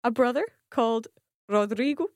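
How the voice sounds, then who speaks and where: A woman's voice: fairly high pitch, moderate pace, dry recording, clean studio sound. A woman with a Scottish accent co-hosting a language podcast as the learner, asking careful follow-up questions. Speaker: learner co-host.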